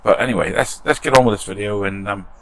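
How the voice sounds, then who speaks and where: A man's voice: fairly low pitch, quick pace, gravelly. A British man hosting a model restoration channel, chatting casually in his shed workshop and reading out viewer comments with self-deprecating humour.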